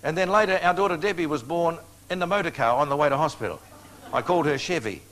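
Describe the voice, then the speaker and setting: An older man delivers a storytelling sermon. His voice sits a little high for a man. He talks in a homely, joking way and chuckles at his own tales. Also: fast, a bit bright. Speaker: preacher.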